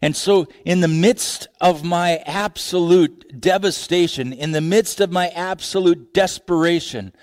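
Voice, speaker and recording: A male pastor delivering a sermon at an unhurried, deliberate pace. His delivery is expressive, dropping low and quiet, then rising high and emphatic, and he often restarts phrases. The sound is dry and close, with little room echo. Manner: expressive preaching with big pitch swings, repeated restarts.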